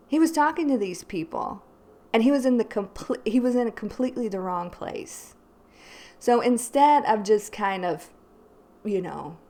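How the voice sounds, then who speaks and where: A woman's voice: medium pitch, a little mellow. A woman hosting her own channel, casually telling a rambling personal story to viewers, full of "like" and "you know". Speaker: tarot reader and channel host.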